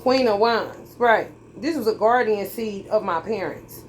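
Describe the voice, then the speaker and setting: A woman's voice: medium pitch, unhurried, slight background noise. A woman giving a tarot reading in a heated, preachy and profane monologue, drawling and emphatic as she talks straight at her viewers. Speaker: tarot reader.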